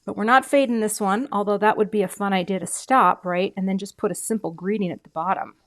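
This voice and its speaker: A middle-aged woman hosting a craft video, chatting casually and self-deprecatingly as she works, often dropping to soft murmurs mid-task. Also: mid-range voice, fast talker. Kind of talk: casual crafting demo chat.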